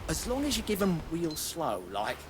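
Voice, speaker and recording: A man's voice: on the high side, huge pitch swings, moderate pace. A man voicing a cheeky male pirate crewman in a video game, with a drawling, colloquial manner. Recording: game audio with noise.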